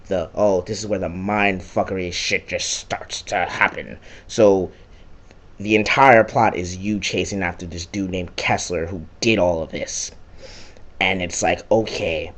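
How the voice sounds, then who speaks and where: A young man giving a casual, profane and sarcastic rant recapping a video game. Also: mid-range voice.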